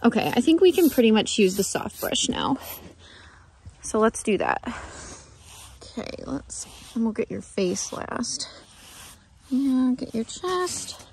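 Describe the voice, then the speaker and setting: A woman with a fairly high, darkish, creaky voice speaks a little slowly, pausing often, with big swings in pitch and slight background noise. She's a horse riding vlogger grooming her horse outdoors at a barn, chatting casually to the camera and using baby talk with the horse between tips.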